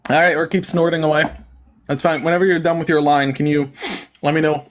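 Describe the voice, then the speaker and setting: A man's voice: fairly high pitch, level tone, a little fast. Sarcastic man hosting a live debate. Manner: sarcastic, mocking, jumps between a put-on folksy drawl and plain talk. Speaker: livestream debate host. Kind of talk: live-stream political debate.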